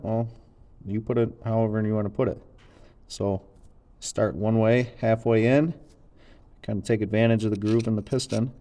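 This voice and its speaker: A man's voice: medium pitch, warm tone. A man explaining how he fitted a part, in a hesitant, plain-spoken way. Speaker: mechanic.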